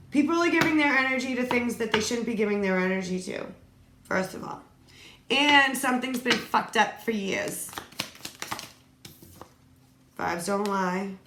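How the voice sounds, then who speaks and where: Woman, tarot reader, reads card phrases aloud, casual asides, roomy echo, faint hiss. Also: medium pitch. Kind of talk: solo tarot reading. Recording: echoey room, faint noise.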